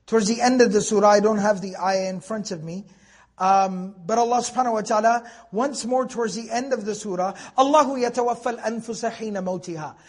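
Young guy with a high voice teaching quran tafseer, chatty, recites arabic verses, lots of "right?". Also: steady tone, fairly quick. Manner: conversational, asks rhetorical questions, recites Arabic verses. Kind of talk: tafseer lecture.

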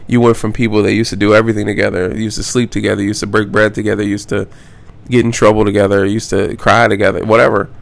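Gravelly low-voiced man rambling on a podcast. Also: flat delivery, quick pace. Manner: rambling, loose, frequent fillers and self-corrections; frank, swears casually. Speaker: podcast host. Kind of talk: casual solo podcast monologue.

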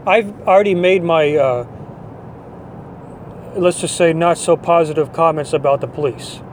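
A man's voice: a little high, moderate pace, a little hiss or hum. A man hosting a podcast, delivering a blunt, dismissive opinion monologue. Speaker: podcast host.

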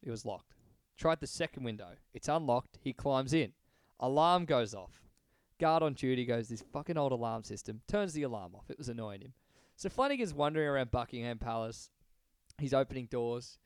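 A man's voice: medium pitch, normal speed, dry recording. A man, co-hosting a podcast and retelling a story in casual, swearing chat. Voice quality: gravelly, animated, swears freely. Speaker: podcast co-host.

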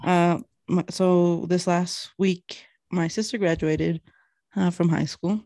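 A young woman chats casually as a podcast co-host, rambling through stories with frequent giggles. Her voice has a gravelly, fried edge. The sound is dry and close. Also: fairly low pitch, fairly even intonation, takes it slowly, mellow, dry recording. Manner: giggly, rambling storyteller who laughs often. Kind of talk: casual chat.

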